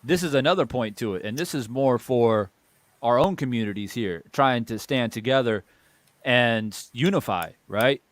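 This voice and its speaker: A man's voice: mid-range voice, normal speed, dry recording. A man hosting a boxing channel, delivering a heated opinion monologue and repeating phrases for emphasis.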